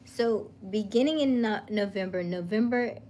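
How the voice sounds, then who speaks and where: A woman's voice: medium pitch, normal speed, mellow, a little hiss or hum. A woman hosting a casual live chat, reading viewer comments, laughing often and dropping into whispers. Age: middle-aged. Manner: chatty, laughing, drops to whispers. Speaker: livestream host.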